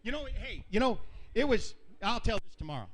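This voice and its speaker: A man telling rambling, animated stories at an outdoor fishing weigh-in, often laughing as he talks. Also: high voice, brisk. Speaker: tournament angler. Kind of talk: storytelling at a weigh-in.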